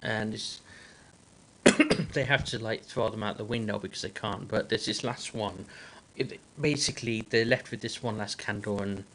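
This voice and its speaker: A man's voice: fairly low pitch, fairly bright tone. Man telling a rambling joke. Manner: halting, full of fillers and restarts. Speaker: livestream host. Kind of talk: casual joke-telling on a livestream.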